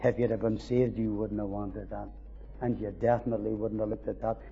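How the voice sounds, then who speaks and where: A man voicing the devil as a sly male accuser, low and insinuating. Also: wildly swooping pitch, measured pace, mellow, faint music behind, exaggerated voice. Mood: accusing. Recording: dull recording in a reverberant hall.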